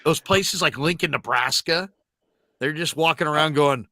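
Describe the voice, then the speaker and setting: A man hosting a sports talk show, telling stories with animated, shouted impressions of callers. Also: on the high side, moderate pace, no echo, studio quality. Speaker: sports radio host.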